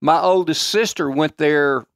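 An older man with a rural Arkansas accent, talking in a slow, reflective way on a podcast. His voice is gravelly, and the sound is dry and close. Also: fairly high pitch, fairly bright tone, dry recording. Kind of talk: casual podcast chat.

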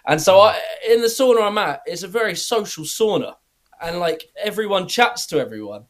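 A young British man chatting casually as a podcast guest, rambling, filling every pause with "like" and swearing easily. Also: high-pitched, expressive. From Britain. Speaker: guest YouTuber.

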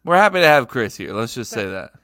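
A man's voice: medium pitch, sing-song, quick pace, a bit bright, no echo, studio quality. A man hosting a podcast, teasing his co-hosts in profane casual chat. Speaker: podcast host.

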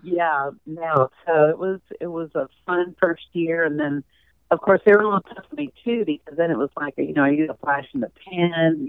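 A woman's voice: sits low, moderate pace, smooth, no room sound. A woman guest telling stories in a chatty, conversational way during an interview, laughing easily. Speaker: interview guest, former golf champion. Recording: tinny phone line.

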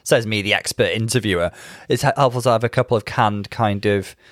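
Man, low voice, podcast co-host, wry, dry humour, measured, close dry mic. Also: steady tone, no echo. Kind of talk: casual chat reviewing a show.

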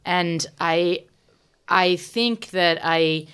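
A woman's voice: on the low side, very slow, fairly bright tone, clean tone. A woman in her forties from Connecticut, a chef, talking in a casual interview and often stopping to restart her sentences. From Connecticut, USA. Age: 40s.

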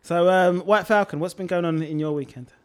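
A man's voice: sits high, a little fast, clear, resonant tone. A man hosting a casual podcast chat, chatty, playful, often laughing. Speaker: podcast host.

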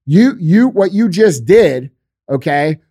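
Intense, profane man with a fairly high voice. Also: expressive, slow, warm tone, dry recording, clean studio sound. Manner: blunt, profane, motivational; emphatic and intense. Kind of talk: casual chat.

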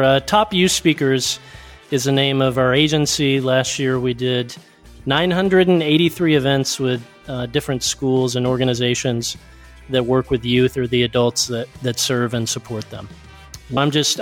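A man guesting on a podcast interview, talking quickly and reflectively through personal anecdotes. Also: medium pitch. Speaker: podcast guest, youth speaker. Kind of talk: casual interview chat.

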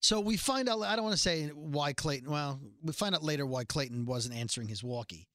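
A man hosts a casual podcast and recaps a TV episode in a chatty, joking way, full of rambling asides. His voice is bright and sits a little high. The sound is dry and close, with no room echo. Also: fairly quick. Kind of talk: casual chat.

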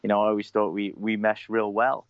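A man with a Long Island accent co-hosting a casual sports podcast, relaxed and full of "you know" fillers. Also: fairly low pitch, brisk, dry recording. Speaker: podcast co-host and blogger. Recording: dull, dry lo-fi mic.

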